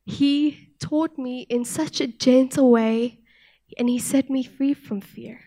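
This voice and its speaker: Young woman, church speaker; soft-spoken, earnest testimony, somewhat high voice. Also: steady tone, takes it slowly. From South Africa. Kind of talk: sermon with personal testimony.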